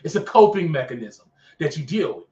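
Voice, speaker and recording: A man's voice: fairly high pitch, fairly quick. A man hosting a talk show, preaching casually and animatedly, repeating phrases for emphasis, recorded in an office. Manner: animated, acts out characters in skits. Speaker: podcast host. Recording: echoey room, dull sound, mic at a distance.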